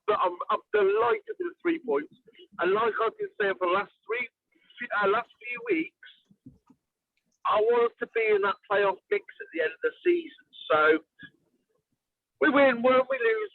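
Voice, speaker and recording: A man's voice: high voice, no room sound. A man joining a casual fan podcast as a guest, speaking bluntly, swearing and repeating his points. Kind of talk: casual chat. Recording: dry phone-like line from far off.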